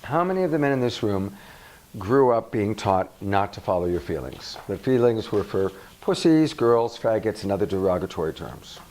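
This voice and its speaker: A man's voice: lowish voice, moderate pace, poor audio. A male relationship coach giving a workshop talk to a live audience, asking the room questions and acting out examples. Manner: animated, asks the audience questions, acts out examples.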